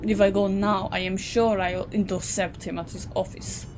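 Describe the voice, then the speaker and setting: A woman voicing a flustered village miller's wife who talks in a bright, hurried, fussing way. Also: medium pitch, flat delivery, background noise, lightly acted.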